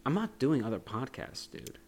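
A man's voice: mid-range voice, big pitch swings, moderate pace, darkish tone. A young man co-hosting a podcast, recapping a movie in a rambling, joking way with frequent laughs. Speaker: podcast co-host. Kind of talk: casual movie discussion.

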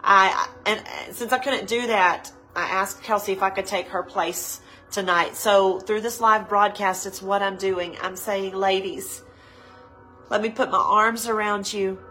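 A woman pastor giving a live devotional sermon, earnest and pleading, repeating her phrases and slowing down to linger on words, teary-eyed. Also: mid-range voice, steady tone, sharp tone, soft background music, poor audio.

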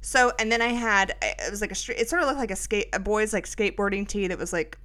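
A middle-aged woman talks through a loose, self-mocking story as a podcast host. Her voice is bright, and her talk is full of fillers and asides. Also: mid-range voice, quick pace. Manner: chatty, rambling, self-mocking, lots of fillers. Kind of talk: casual storytelling monologue.

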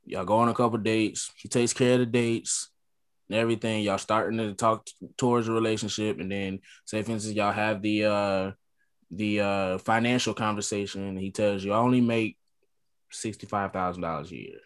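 A man's voice: fairly low pitch, little pitch movement, normal speed, smooth. A man in casual chat, laid-back, posing a hypothetical question to the women.

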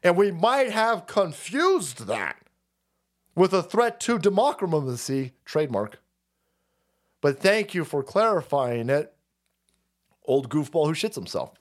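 A man's voice: a little high, very animated, slow pace, long pauses. Foul-mouthed male streamer, mocking sarcasm, voice swinging wildly. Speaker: political commentary streamer. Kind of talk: profane political rant.

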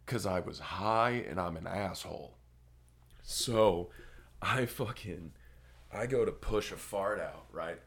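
Deep-voiced man telling a crude story. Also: takes it slowly, fairly bright tone. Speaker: podcast co-host. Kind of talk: casual chat.

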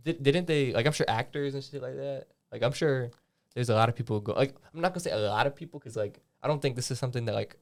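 A man's voice: mid-range voice, fast talker, creaky. A young man co-hosting a podcast in casual chat, rambling with lots of fillers and restarts, and swearing freely. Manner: frequent swearing. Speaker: podcast co-host.

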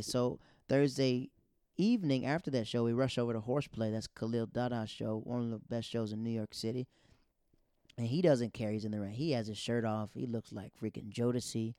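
Man, stand-up comedian, animated storytelling, dry close sound. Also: medium pitch, clear, resonant tone, dry recording. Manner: animated, acts out quoted dialogue. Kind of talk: casual storytelling.

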